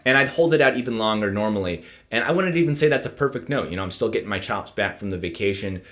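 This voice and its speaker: A saxophone teacher talks through his practice routine in a casual instructional video. He explains each point in a relaxed, friendly way and often checks in with a quick "right?". His voice sits a bit low for a man.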